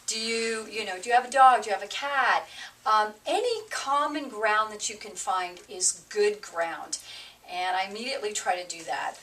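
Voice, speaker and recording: A woman's voice: mid-range voice, lively intonation, moderate pace, pushed and bright, distant mic, low-quality recording. A talkative woman from New Jersey, co-hosting a casual chat and telling stories from her work as a real estate agent. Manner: talkative, storytelling.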